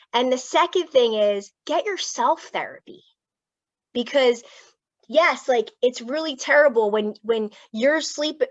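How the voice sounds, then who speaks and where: A woman's voice: fairly high pitch, no echo. A woman from Philadelphia, a clinical psychologist speaking as a guest, telling personal stories bluntly and swearing freely over a video call. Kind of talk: candid personal storytelling to an audience. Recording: dull, dry lo-fi sound.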